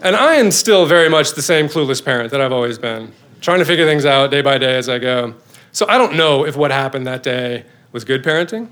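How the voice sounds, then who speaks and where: A middle-aged man, a father, telling a personal story on stage with lively, self-mocking comic timing. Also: mid-range voice, a little fast. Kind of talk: live storytelling performance.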